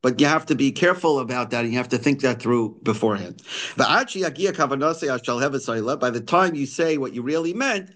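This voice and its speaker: A man's voice: medium pitch, animated, normal speed, fairly bright tone. A man giving a daily Torah text lesson, reading lines and explaining them in English frequent restarts and fillers. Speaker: Torah teacher.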